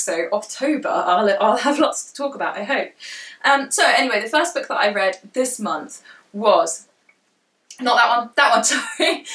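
A young indie author and book vlogger with a southern English accent rambles casually to camera, filling her speech with fillers, in a mid-range, slightly bright voice. It's raining outside her room at home, and the room's echo and the far-off mic shape the sound.

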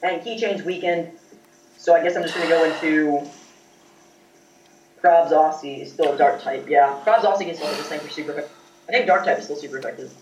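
A man doing casual let's-play commentary as a gaming video host, rambling and breaking into loud excited outbursts. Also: on the high side, brisk, long pauses, a little hiss or hum. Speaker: gaming YouTuber. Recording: echoey, distant, dull mic.

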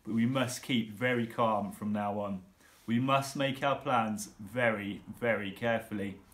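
A man's voice: on the low side, fairly even intonation, a little slow, a bit bright. A man playing a doting, dreamy father. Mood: hushed. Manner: affectionate, carried away by his plan.

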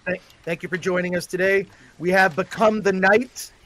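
High-voiced man as a mock judge. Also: steady tone, moderate pace, pushed and bright. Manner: formal, judge-like with frequent fillers. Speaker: host presiding as mock judge. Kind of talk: mock-formal courtroom role-play on a livestream.

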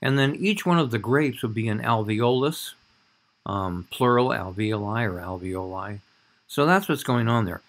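A man's voice: mid-range voice, lively intonation, moderate pace, fairly bright tone. A man giving a recorded anatomy lecture over slides, talking in a conversational way and often checking in with "all right?".

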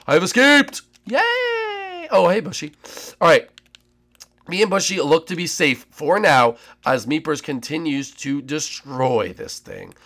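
A young man giving excitable Minecraft gameplay commentary as a gaming channel host, with loud, dramatic outbursts. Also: mid-range voice, gravelly.

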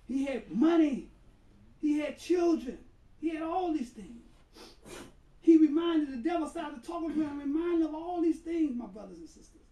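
A man, an imam, telling a story in a conversational sermon with emphatic, sudden loud bursts. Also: very high voice, animated, moderate pace. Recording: roomy hall, voice far from mic.

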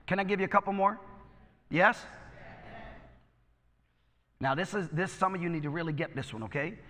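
High-voiced bright preacher man. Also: normal speed, big-room sound. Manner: exhorting, calls out to the congregation. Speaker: pastor. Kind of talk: sermon. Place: church sanctuary.

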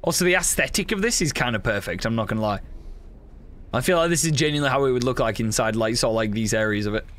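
A man's voice: mid-range voice, expressive, quick pace, fairly bright tone. A young man commentating as he plays a game, casual and sweary, with laughing reactions. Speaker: gaming streamer. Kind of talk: let's play commentary.

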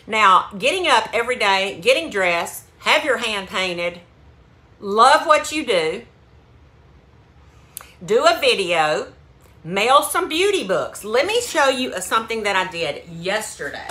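A woman's voice: mid-range voice, very animated, unhurried, pushed and bright. A woman selling beauty products, talking casually and upbeat to her phone camera at home. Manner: chatty, upbeat, says "like" often. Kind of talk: casual vlog.

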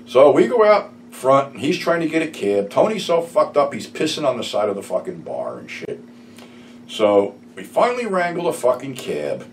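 A man's voice: medium pitch, huge pitch swings, moderate pace. A middle-aged man telling profane, rambling stories from his past in a casual way. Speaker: YouTube storyteller. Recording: slightly distant mic, faint room noise.

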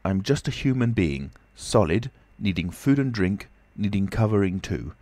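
A man's voice: lowish voice, expressive, normal speed, darkish tone, no room sound, natural voice. A man voicing an impatient, commanding unseen stranger who speaks tersely and insistently, in a storybook reading. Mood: firm, insistent.

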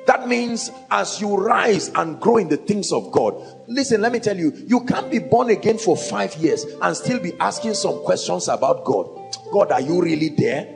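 A man with a Nigerian accent delivers a sermon from the pulpit, his fairly high voice swooping up and down with a gravelly edge. He pushes his point with one rhetorical question after another, and faint music plays behind him. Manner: emphatic, fires rhetorical questions at the congregation. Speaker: preacher. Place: at a pulpit before a congregation.

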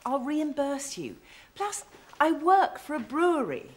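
A pampered, pleading bride. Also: female voice, high-pitched, sing-song, a little slow, a little hiss or hum.

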